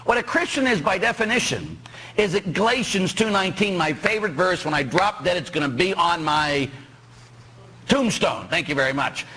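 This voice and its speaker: A priest from Pittsburgh giving a sermon, joking and asking the congregation rhetorical questions. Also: male voice, high-pitched, moderate pace, slightly rough. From Pittsburgh, USA. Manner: animated, jokey preaching with rhetorical questions to the congregation. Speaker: parish priest.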